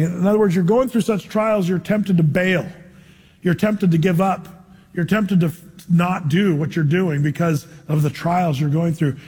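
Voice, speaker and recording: A male pastor preaches in a high, husky voice, talking to his listeners conversationally and peppering the sermon with rhetorical questions. Long reverb from a large hall hangs after his phrases. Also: warm tone.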